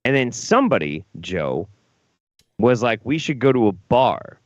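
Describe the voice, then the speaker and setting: A man's voice: mid-range voice, sing-song, a little slow, no echo, highs cut off. A drunk man co-hosting a talk show, telling a rowdy, profane story and acting out quotes. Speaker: co-host.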